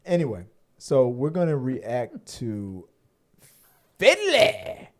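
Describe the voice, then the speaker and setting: A man's voice: medium pitch, animated, normal speed, mellow. A man co-hosting a podcast in loose, rambling casual chat, joking and swearing freely. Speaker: podcast co-host.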